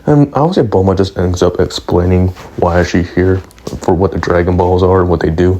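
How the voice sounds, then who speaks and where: Low-voiced man rambling through a fan story. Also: brisk, warm tone. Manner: rambling, with frequent restarts and hedges like "I'll say". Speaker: fan channel host. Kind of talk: casual storytelling narration.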